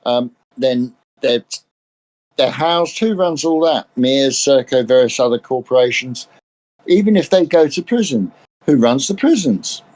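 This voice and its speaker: An older Englishman talks politics in a loose, conversational way, stumbling and repeating words as he gathers his thoughts. His voice sits at an ordinary middle pitch. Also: expressive, a little mellow. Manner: halting, with many restarts and repeated words. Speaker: discussion panelist. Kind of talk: casual political chat.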